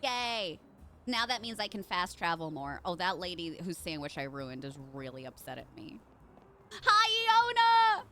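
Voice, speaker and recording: A woman's voice: lowish voice, normal speed, bright, forceful tone, soft background music. A woman streaming a game live, chatting with her viewers and reacting as she plays. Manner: bubbly, chatty, reads chat aloud. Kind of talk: live gameplay commentary.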